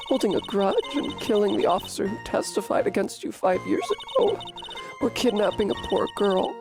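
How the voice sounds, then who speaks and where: A woman voicing a sweet, timid young woman witness who speaks softly and hesitantly. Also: mid-range voice, normal speed, over music, pitched above the performer's own voice, natural voice. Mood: pleading.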